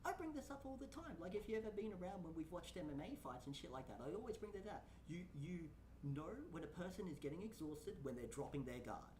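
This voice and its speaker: A woman's voice: lowish voice, big pitch swings, quick pace, hardly any pauses, dark tone, roomy sound, recorded from a distance, slight background noise. A woman VTuber streamer giving blunt, profane reaction commentary and ranting at what she watches.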